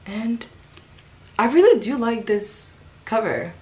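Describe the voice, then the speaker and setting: A woman vlogger chatting casually through a book haul, reading back covers aloud and reacting with quick exclamations. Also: fairly high pitch, lively intonation, darkish tone.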